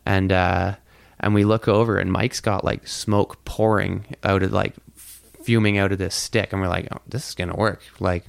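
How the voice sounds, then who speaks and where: A man's voice: deep voice, level tone, unhurried, gravelly, clear, resonant tone, dry recording. A man telling a long story in casual chat, rambling with lots of filler words and swearing freely. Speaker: podcast guest telling a story.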